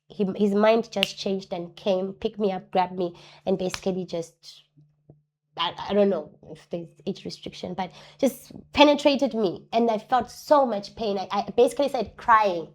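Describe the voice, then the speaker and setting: A woman's voice: medium pitch, moderate pace. Earnest woman giving personal testimony. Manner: earnest, repeats key phrases for emphasis; acts out other people's words in lively voices. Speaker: interview guest. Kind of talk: personal testimony in a talk show interview.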